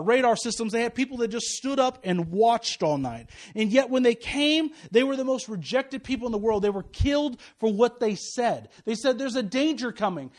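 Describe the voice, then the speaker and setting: A man with a notably high voice preaches a sermon as a pastor. His delivery is animated, sinking low and soft for asides, then climbing high and loud when he warns his listeners.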